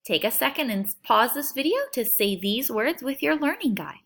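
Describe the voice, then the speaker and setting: A woman teacher leading a phonics lesson for young children, sounding out words slowly in an encouraging, sing-song way. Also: on the high side, lively intonation, gravelly, a bit bright. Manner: slow, stretched-out sounding of words.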